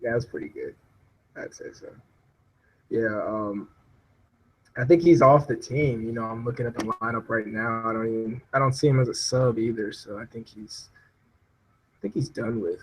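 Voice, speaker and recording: A man's voice: mid-range voice, normal speed, pauses often, a little hiss or hum, poor audio. A young man chatting casually about sports as a podcast guest, joking and mocking players. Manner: joking, mocking, laughs often.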